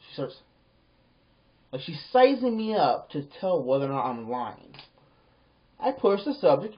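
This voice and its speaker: A man's voice: a little high, huge pitch swings, normal speed, pauses often. Rambling man on a lo-fi home recording. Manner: rambling, repeats words, acts out quoted exchanges. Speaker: vlogger. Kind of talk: casual storytelling monologue.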